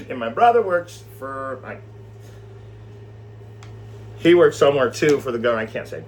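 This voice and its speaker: A man teaching scripture in a loose, animated way, rambling and swearing as he tells a story. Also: medium pitch, a little slow, a little hiss or hum. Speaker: Bible study teacher.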